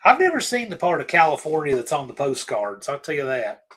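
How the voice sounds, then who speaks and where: A man's voice: fairly high pitch, huge pitch swings, a little fast, fairly bright tone, slightly rough, poor audio. A man from Virginia hosting a casual livestream, rambling easygoingly through viewer comments and often trailing off to restart. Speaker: livestream host. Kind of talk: casual live-stream chat, answering viewer comments.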